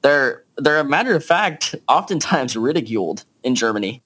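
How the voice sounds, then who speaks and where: A man's voice: medium pitch, big pitch swings, moderate pace, a bit bright, breathy edge. A man hosting a casual podcast discussion, talking in a laid-back, chatty way with plenty of fillers. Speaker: podcast host.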